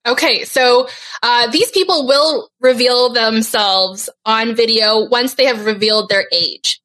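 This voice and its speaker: A woman hosting a podcast game, explaining the rules with many fillers and an unhurried delivery. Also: fairly high pitch, pushed and bright, poor audio. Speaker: game host.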